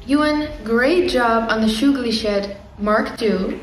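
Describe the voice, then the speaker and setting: A woman's voice: fairly high pitch, slow. A woman hosting a mock song-contest show in a formal yet playful announcer tone. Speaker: host. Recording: echoey room, from far off.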